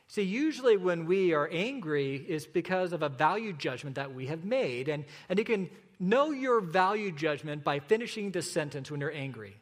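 Higher-voiced man preaching in a reverberant hall. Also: sing-song. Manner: earnest preaching with slow emphatic repetitions. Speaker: pastor. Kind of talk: sermon.

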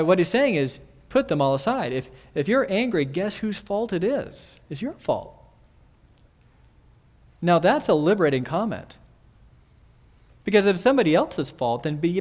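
A man's voice: fairly high pitch, darkish tone. A man preaching an expository sermon in an earnest way, repeating key phrases and asking the listeners questions. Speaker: pastor.

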